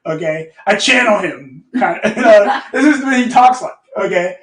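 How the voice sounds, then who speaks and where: A man with a very high voice telling a casual story to his community. He is animated and swears freely, laughs often, and keeps asking "okay?". His voice echoes around the room from a mic placed some distance away. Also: moderate pace. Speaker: host.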